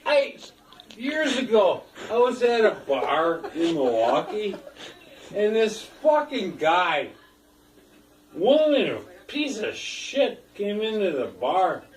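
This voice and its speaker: A middle-aged father arguing with his family, profane and scornful, his voice often rising to a yell. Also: high voice, sing-song, slow pace, slight background noise. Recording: roomy echo from far off.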